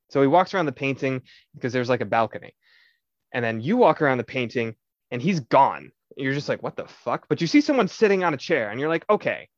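Animated swearing young man telling a story. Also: fairly high pitch, no echo. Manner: animated storytelling, swears a lot, acts out quotes. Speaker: podcast co-host. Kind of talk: casual chat. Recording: slightly dull, dry recording.

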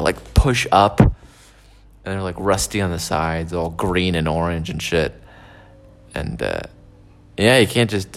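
Low-voiced man rambling profanely. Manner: profane, meandering, frequent fillers and restarts. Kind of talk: casual rambling monologue.

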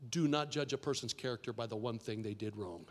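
A man preaching a sermon as pastor, telling a story and then building to shouted repetitions and call-and-response with the congregation. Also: medium pitch, fairly quick. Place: church sanctuary. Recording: long reverb of a large hall.

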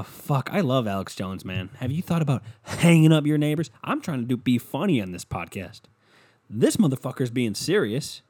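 A man's voice: mid-range voice, a little mellow, husky, no room sound. A young man hosting a solo comedy podcast, rambling and swearing and laughing at his own jokes. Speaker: podcast host.

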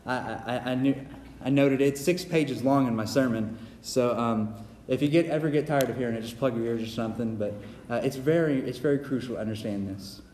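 A man's voice: medium pitch, a little fast, few pauses, a little mellow, a little hiss or hum. A man preaching a sermon in an earnest, repetitive way, often stumbling and restarting his sentences. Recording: echoey hall, faint ambience.

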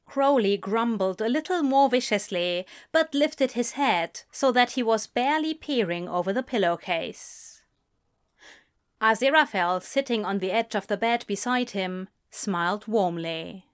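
Woman reading a story out loud, slow and swingy, takes her time. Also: fairly high pitch. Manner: unhurried, expressive storytelling. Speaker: story narrator. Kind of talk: reading fan fiction aloud.

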